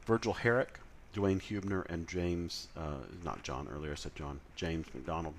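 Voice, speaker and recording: In this recorded lecture, a man speaks conversationally, full of fillers and self-corrections. His voice sits low with a steady tone at a moderate pace, over a faint hiss or hum.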